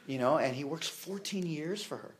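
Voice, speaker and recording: A man with a fairly high voice and lively intonation preaches a sermon at a moderate pace. His delivery is conversational and humorous, with many fillers, repeated words, and acted-out quotes.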